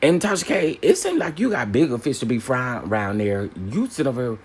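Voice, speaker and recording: A man hosting a casual opinion commentary, emphatic and animated, repeating phrases for punch. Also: mid-range voice, brisk, husky. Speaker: commentary channel host.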